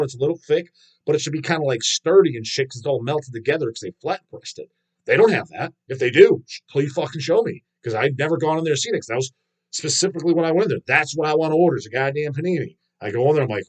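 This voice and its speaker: A man's voice: fairly high pitch, lively intonation, fast. A man, host of a casual stream, reading viewer comments aloud and answering them in a blunt, swear-heavy rant. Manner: profane, ranting, blunt. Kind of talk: casual live-stream chat.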